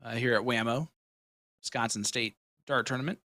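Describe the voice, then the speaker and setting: A man calling darts play-by-play with excited calls and playful banter. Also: medium pitch, normal speed, no echo, studio quality. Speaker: dart commentator. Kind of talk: live sports commentary, casual banter.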